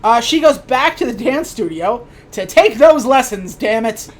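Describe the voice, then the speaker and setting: A woman's voice: fairly high pitch, expressive, measured pace. A woman co-hosting a podcast, casually recapping a movie in a wry, sweary way and briefly acting out the characters' lines. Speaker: podcast co-host.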